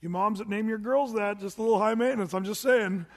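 A man's voice: high voice, fast, big-room sound. A man preaching a sermon, teaching through Bible verses in a conversational way with joking asides. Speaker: pastor.

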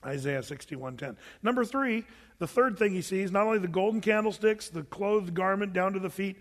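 Pastor, male, high-pitched and lively, preaching in a church sanctuary with a long hall reverb, acts out the voices he quotes. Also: moderate pace. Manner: animated, acts out quoted voices, fillers and restarts. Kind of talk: sermon.

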